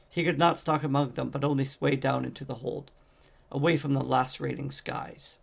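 A man reading a fantasy novel aloud as an amateur audiobook narrator, in a steady, measured way. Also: a little high, vocal fry. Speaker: audiobook reader.

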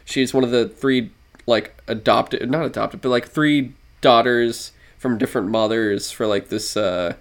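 A young man co-hosting a casual podcast chats in an unhurried, mid-range voice, rambling along, swearing, and laughing as he goes.

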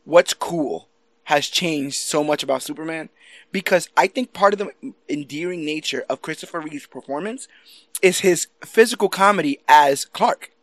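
Guy riffing on old superhero films, kinda high voice, laughs a lot, dry close mic. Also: normal speed, dry recording. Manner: animated, laughs often, swears casually. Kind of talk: casual movie discussion.

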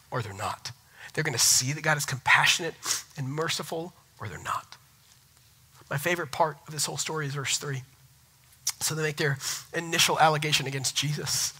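A man in his thirties delivers a sermon in a very bright, ringing voice sitting a little high. He tells family stories with animated, self-mocking humor between points. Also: breathy edge, low-quality recording. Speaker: pastor.

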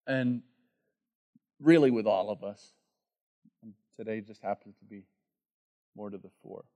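A male pastor preaching a sermon, dropping to a hushed voice on key words. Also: lowish voice, unhurried, long pauses.

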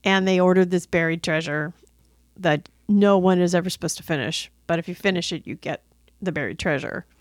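A woman's voice: on the low side, fairly quick, no echo. Woman, podcast co-host, casual movie chat, giggles a lot, dry close sound. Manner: giggly, laughs often.

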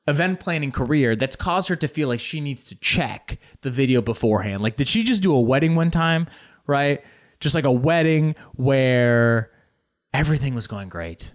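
A male stand-up comedian telling a story with animated bursts of mock outrage. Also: medium pitch, a little slow.

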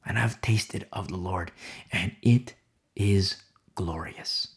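A man preaching a sermon with fervent, dramatic delivery that swings from loud declarations to hushed whispers. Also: sits low, takes it slowly, breathy edge.

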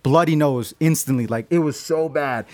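A young man with a slightly high voice tells a rowdy story to his friends. He swears freely and shouts out the lines of the people in it. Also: moderate pace, no room sound. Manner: animated, profane, acts out quotes loudly. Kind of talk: casual storytelling among friends.

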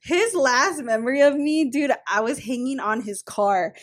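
Animated high-voiced woman telling stories. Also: normal speed, very noisy. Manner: animated storyteller, acts out quotes, laughs often. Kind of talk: casual chat.

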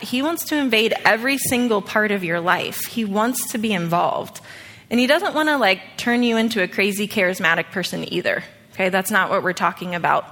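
A woman's voice: medium pitch, fairly bright tone. Woman preaching in an echoing hall. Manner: conversational, often asks "okay?". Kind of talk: sermon with a personal story. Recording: long reverb of a large hall.

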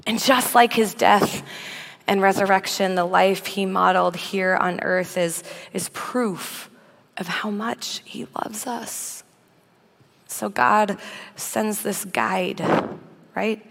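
A woman in her thirties preaching a sermon, telling funny personal stories with a self-deprecating, animated delivery and frequent laughs. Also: medium pitch, slow, creaky. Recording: long reverb of a big hall.

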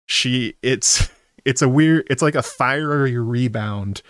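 A man streaming from home in a casual, rambling way, breaking off mid-sentence and chuckling between thoughts. His voice sits at an ordinary middle pitch, and the sound is close and dry with no room echo. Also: slow pace, a bit bright, clean tone. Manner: chatty, self-interrupting, laughs often. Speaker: streamer recapping a TV episode. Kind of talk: casual live-stream chat.

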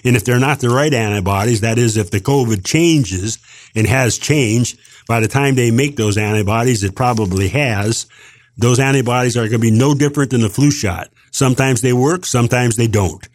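A man's voice: mid-range voice, normal speed, dry recording. An older man delivering a heated, rambling opinion monologue as a podcast co-host, emphatic and indignant, with frequent restarts.

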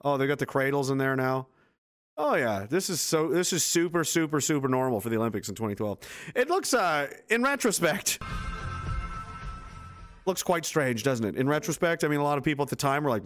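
A man's voice: mid-range voice, expressive, brisk, a bit bright, soft background music. A man giving a casual, sarcastic running commentary on footage, incredulous and swearing often.

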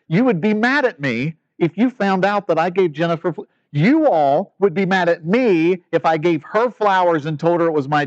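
Animated conversational male preacher. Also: fairly high pitch, dry recording, lo-fi sound. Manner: animated, rising to near-shouting emphasis; conversational preaching with rhetorical questions. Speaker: pastor. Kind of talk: sermon.

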